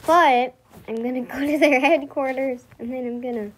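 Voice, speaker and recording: A woman's voice: high-pitched, steady tone, moderate pace, slight background noise. A woman giving rambling, hesitant commentary while playing a game, with frequent giggles. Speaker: channel owner. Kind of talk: casual gameplay commentary. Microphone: screen recording with voice mic.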